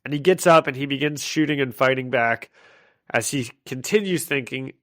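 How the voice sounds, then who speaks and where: A man's voice: medium pitch, normal speed, a bit bright. A man co-hosting a podcast, chatting casually as he recaps a comic, laughing often and restarting his sentences. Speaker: podcast co-host.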